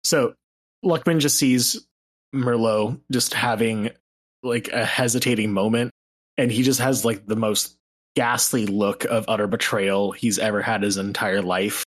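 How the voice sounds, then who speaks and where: A man's voice: on the low side, steady tone, a little slow. Man thinking aloud at a game table. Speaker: player. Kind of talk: tabletop role-play.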